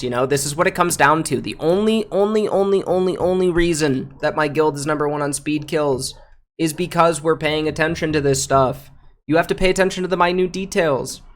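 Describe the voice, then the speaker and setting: A man's voice: on the high side, a little fast. Male streamer reviewing raid footage live; foul-mouthed, heated, repetitive, slangy. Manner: profane, heated ranting; repeats phrases, slangy with "bro" and "dude".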